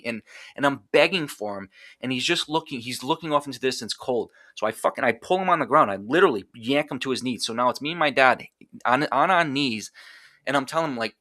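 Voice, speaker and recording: A man's voice: mid-range voice, animated, fast talker, bright, forceful tone, dry recording, clean studio sound. A man telling a raw personal story in a blunt, intense way, with heavy swearing and many restarts. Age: adult. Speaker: podcast guest.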